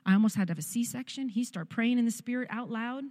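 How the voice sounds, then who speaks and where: A woman's voice: fairly high pitch, fast, darkish tone, in a large hall. A middle-aged woman giving a personal testimony, telling her story candidly and poking fun at herself. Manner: candid, self-mocking storytelling. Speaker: speaker sharing testimony.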